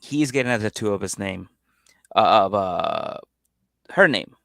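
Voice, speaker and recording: A man's voice: lowish voice, unhurried, creaky, no echo, studio quality. A man co-hosting a podcast, recapping a reality show in casual chat, swearing, laughing and acting out the people he quotes. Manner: animated storyteller who acts out people's quotes, swears, laughs a lot. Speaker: podcast co-host.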